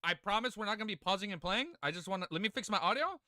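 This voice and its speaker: Young male streamer, animated and bright, excitable and teary, curses freely. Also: sits high, rapid-fire, no echo. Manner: excitable, swearing, laughing often. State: tearful. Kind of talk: live reaction stream.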